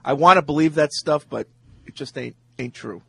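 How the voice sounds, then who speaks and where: A man hosts a sports radio show and reads listener emails aloud in a relaxed, jokey way. He drops in short agreeing replies. His voice sits a little higher than most men's and sounds close and dry. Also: normal speed, creaky, breathy edge, no room sound. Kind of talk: casual sports talk, reading listener emails.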